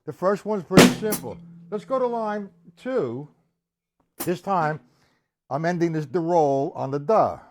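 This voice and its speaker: A man's voice: fairly high pitch, lively intonation, unhurried, heavy background noise. A man teaching drums on a live stream, talking casually and counting beats aloud. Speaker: drum teacher. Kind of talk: live-streamed drum lesson. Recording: loud drum kit playing behind the voice.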